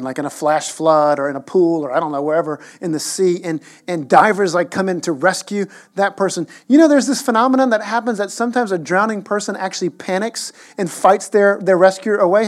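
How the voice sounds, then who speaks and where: A man in his thirties preaching a sermon as a pastor, conversational and animated, with playful asides. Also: high-pitched, fairly quick, few pauses.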